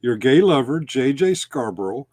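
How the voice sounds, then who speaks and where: A man's voice: mid-range voice, big pitch swings, normal speed, a little mellow, no echo. A man on an online panel who goads his opponent with mocking taunts. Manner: mocking and goading, sing-song taunts. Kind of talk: heated online argument.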